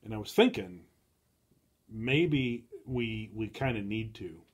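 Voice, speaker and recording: A man hosting a casual chat show, speaking in a halting, dry way with frequent restarts. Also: lowish voice, expressive, breathy edge. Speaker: host.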